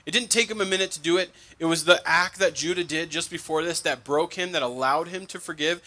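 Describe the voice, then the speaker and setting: A young adult man with a bright, forceful, fairly high voice preaches a sermon. He talks in a conversational way and drops joking asides to the congregation between the passages he reads. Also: brisk. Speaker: pastor.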